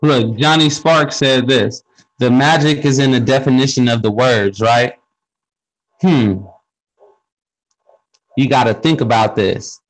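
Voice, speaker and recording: A man's voice: medium pitch, slow pace, pauses often, poor audio. Man explaining in casual street talk. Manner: explains with questions and street slang. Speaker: speaker in a group discussion. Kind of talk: casual conversational monologue.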